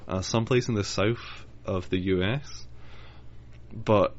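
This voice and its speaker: A man's voice: fairly low pitch, a little slow. A man co-hosting a casual podcast chat, dry, blunt and sardonic. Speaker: podcast co-host. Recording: dull lo-fi sound with faint noise.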